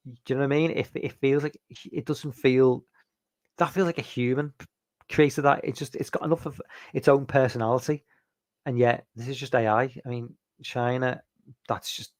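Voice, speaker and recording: A man's voice: medium pitch, darkish tone, no echo. Casual stream host, male, rambling and restarting, chatting with viewers, dry close sound. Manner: rambling, many fillers and restarts; reads out and answers viewer chat. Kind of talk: casual live-stream chat.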